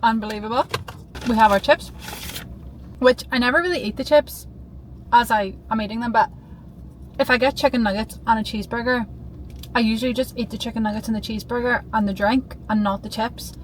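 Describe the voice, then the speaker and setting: A young woman vlogging in a casual, rambling way, bubbly and quick to get excited. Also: fairly high pitch, a little hiss or hum, low-quality recording. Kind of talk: casual chatty vlog.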